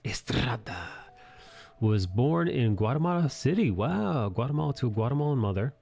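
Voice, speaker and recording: A man's voice: medium pitch, big pitch swings, moderate pace, vocal fry, darkish tone. A man hosting a live art stream, chatting casually in a rambling, jokey way and thanking viewers. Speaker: streamer host.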